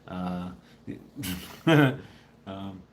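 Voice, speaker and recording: A man's voice: low-pitched, expressive, extremely slow, slight background noise. A man telling a rambling, profane story in casual chat with his viewers, often laughing. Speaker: livestreamer chatting with viewers.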